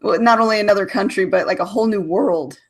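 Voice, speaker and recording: American woman host, enthusiastic and chatty, mid-pitched voice. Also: fast talker. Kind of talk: casual interview chat.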